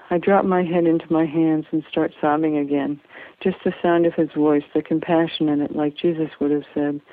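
A woman's voice: sits low, little pitch movement, normal speed, no room sound. Woman reading a memoir over a tinny line. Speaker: memoir reader. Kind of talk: first-person story reading. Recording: tinny phone-like dry sound.

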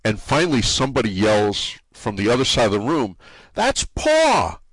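Halting New England man, dry and close. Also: on the low side, a bit bright, no echo. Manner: halting, many restarts and repeated words. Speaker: forum site owner being interviewed. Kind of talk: casual conversational interview.

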